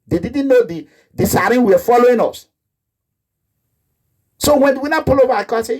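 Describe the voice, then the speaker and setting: This is a Nigerian man with a Nigerian accent delivering a rambling, impassioned monologue. His voice sits high for a man and has a slightly husky edge. He keeps slipping into the voices of the people he describes, sounding indignant throughout. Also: lively intonation, moderate pace, long pauses, darkish tone. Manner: rambling, indignant, breaks into laughter and acts out quoted voices. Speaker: activist.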